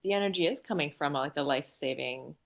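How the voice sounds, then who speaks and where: A woman's voice: low voice, quick pace, vocal fry, lo-fi sound. A woman hosting a casual podcast conversation, reflective and agreeing, with some fillers. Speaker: podcast host.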